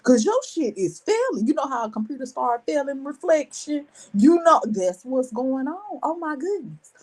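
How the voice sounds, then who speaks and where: High, lively woman reacting dramatically. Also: normal speed. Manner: dramatic, exclaiming, repeats a catchphrase. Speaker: storyteller. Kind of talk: animated storytime commentary.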